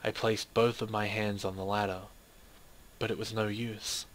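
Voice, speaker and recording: A man reading a dramatic first-person story in a steady, measured way. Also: fairly low pitch. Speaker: narrator.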